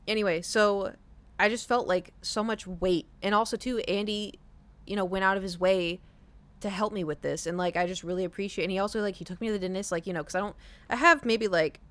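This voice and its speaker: A woman streamer casually telling a long story to her chat, rambling with many fillers and restarts. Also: medium pitch.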